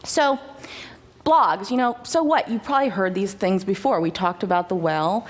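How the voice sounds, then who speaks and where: A woman's voice: medium pitch, normal speed. A young woman giving a personal conference talk in a chatty, self-mocking way, often restarting her sentences, speaking into a stage microphone. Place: large auditorium stage.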